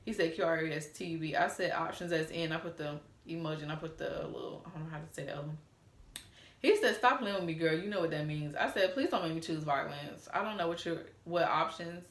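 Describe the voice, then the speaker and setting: A young woman from Atlanta, telling a story casually and reading out text messages in an animated way. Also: low voice, roomy sound. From Atlanta, USA. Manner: animated, reads out texts in a playful drawl. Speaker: storytime vlogger.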